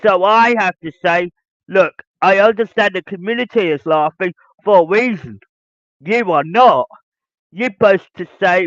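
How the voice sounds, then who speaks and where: A man's voice: high voice, expressive, normal speed, fairly bright tone, no room sound. A man hosting a podcast monologue, lecturing his listeners in a ranting, repetitive way. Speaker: podcast host. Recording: dull lo-fi dry sound.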